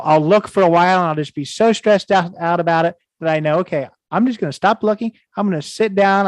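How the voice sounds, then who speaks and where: A man's voice: a little high, a little mellow, no room sound. A young man hosting a podcast, talking casually and thinking aloud with frequent restarts and repeated words. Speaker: podcast host. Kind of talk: casual interview talk.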